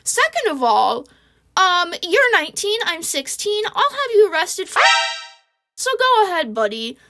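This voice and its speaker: A woman with a high, bright-toned voice tells a casual storytime into a home mic. She talks in loose slang, swears often and keeps a sarcastic edge. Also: big pitch swings, measured pace, faint music behind. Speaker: vlogger. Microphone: home recording mic.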